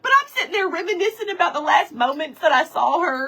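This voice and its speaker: A woman's voice: very high-pitched, animated, fast talker, few pauses, bright, forceful tone, low-quality recording. A woman telling a story during a live stream, greeting viewers by name as she chats. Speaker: livestream host. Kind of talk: casual storytelling while reading live comments.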